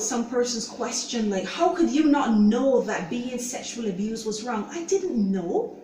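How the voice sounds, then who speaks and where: A woman hosting her own show, giving an earnest, halting personal testimony and often saying "you know". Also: medium pitch, slight background noise. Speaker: show host sharing her own story. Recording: roomy echo, voice distant from mic.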